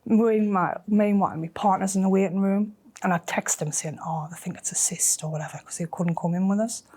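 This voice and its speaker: A middle-aged woman, telling a personal story in an emotional, halting way that often drops to a near whisper. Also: mid-range voice, fairly even intonation, darkish tone. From North East England. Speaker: interviewee.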